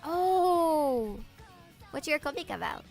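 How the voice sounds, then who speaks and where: Animated, bubbly woman streamer. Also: sits high, slow, gravelly, soft background music. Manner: animated, laughs often, swears casually. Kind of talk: casual livestream chat.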